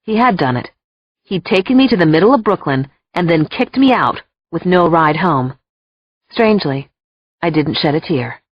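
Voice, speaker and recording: A woman narrating an audiobook in an expressive, emotional first-person storytelling voice. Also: on the low side, moderate pace, slightly rough, no echo. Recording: dull lo-fi dry recording.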